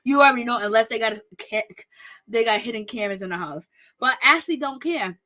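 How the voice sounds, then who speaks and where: Sassy bright-voiced woman gossiping. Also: fairly high pitch, animated, a little fast. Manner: sassy, gossipy, laughs often. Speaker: reality TV commentator. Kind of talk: casual recap commentary.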